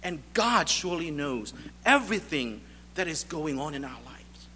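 A man's voice: fairly high pitch, very animated, moderate pace, bright, forceful tone, long reverb tail, slight background noise. A male pastor preaching a sermon, emphatic and driving home repeated rhetorical questions.

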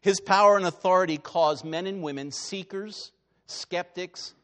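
A male pastor preaching a dramatic sermon, swinging from hushed to loud, in a church sanctuary. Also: high voice, a little slow, long reverb tail.

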